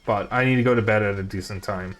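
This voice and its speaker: A man's voice: fairly low pitch, fairly even intonation, fast talker. A man streaming a video game, chatting casually and jokingly to his viewers as he plays. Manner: rambling, jokey, talks to chat. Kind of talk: casual live-stream commentary.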